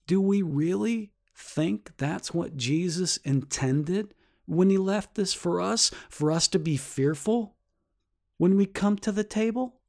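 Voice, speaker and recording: Taking his time in a darkish voice with vocal fry, a man gives an earnest Bible lesson full of rhetorical questions. His pitch rises sharply whenever he emphasizes something.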